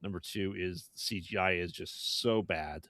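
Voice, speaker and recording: A man's voice: low voice, unhurried, a bit bright, dry recording, studio quality. A man co-hosting a podcast, chatting casually about a movie, laid-back and laughing often. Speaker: podcast co-host. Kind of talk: casual movie review chat.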